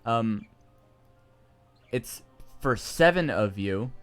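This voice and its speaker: A man's voice: mid-range voice, lively intonation, very slow, clean tone, faint music behind. A man running a tabletop game as game master, talking loosely and chuckling often.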